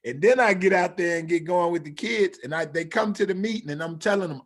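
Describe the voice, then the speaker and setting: A man with a high voice tells stories in a loose, conversational way. He slips into the voices of the people in his anecdotes, acting out their lines as he goes. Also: fairly quick. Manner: animated storyteller acting out quoted dialogue. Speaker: guest, former football player and coach. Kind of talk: casual storytelling chat.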